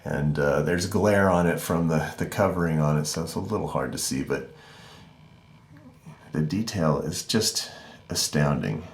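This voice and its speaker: Speaking in a very deep voice, a middle-aged man narrates a casual home art tour as a vlogger, moving through the rooms of his house. His fond, warm descriptions are full of pauses and fillers, and his thoughts fade softly at their ends.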